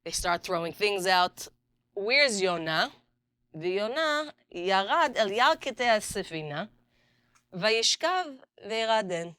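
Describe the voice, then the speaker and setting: A middle-aged woman teaching a Bible class as a rabbanit, acting out the dialogue and reading verses quickly. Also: medium pitch, clean tone, no room sound, clean studio sound. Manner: animated storyteller, acts out dialogue, reads Hebrew verses quickly. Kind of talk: lively Torah class with stories.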